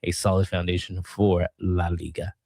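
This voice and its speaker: A man's voice: sits low, monotone, moderate pace, vocal fry, a little mellow, no echo. Soccer podcast guy doing the scores and table, playful, kinda sing-songy, dry close mic. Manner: reads out results and standings playfully, sing-song at times. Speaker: podcast co-host. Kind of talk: casual soccer match review.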